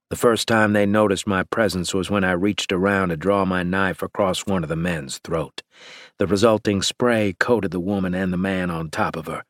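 A man narrating a first-person story in a grim, measured audiobook reading. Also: sits low, fairly bright tone, no room sound, clean studio sound.

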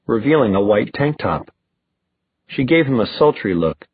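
A man narrating an audiobook in an expressive, storytelling manner. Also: fairly low pitch, moderate pace, husky, dry recording. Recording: dry, phone-like thin sound.

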